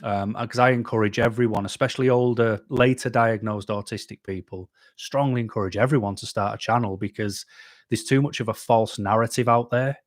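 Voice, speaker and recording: A man's voice: lowish voice, fairly even intonation, brisk, no echo, studio quality. A man hosting a live stream, chatting casually with viewers in a rambling, self-deprecating way, full of ums and restarts.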